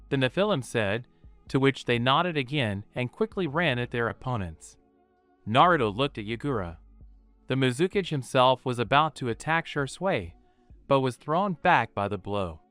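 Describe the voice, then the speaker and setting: A man reading a fan-written story aloud as a steady storytelling narrator. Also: medium pitch, moderate pace, no echo, soft background music.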